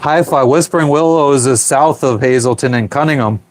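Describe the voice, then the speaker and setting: A man's voice: mid-range voice, normal speed, slight background noise. A man from Pennsylvania chatting loosely with live viewers while cooking aboard a small sailing boat, swearing freely and answering questions. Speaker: sailing vlogger reading live chat. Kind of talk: casual live-stream chat.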